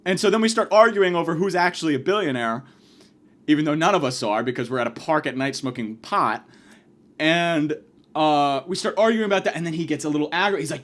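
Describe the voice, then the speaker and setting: A man hosting a podcast, telling a rambling, profane comic story in a casual, animated way. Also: fairly high pitch. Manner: profane, rambling, fast, lively delivery. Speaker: podcast host.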